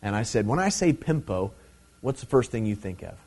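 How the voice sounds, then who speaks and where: A man's voice: fairly low pitch, very animated, brisk, a little mellow, slightly rough. A middle-aged man preaching a Bible teaching sermon in a conversational way, with many fillers, swelling into emphatic stresses.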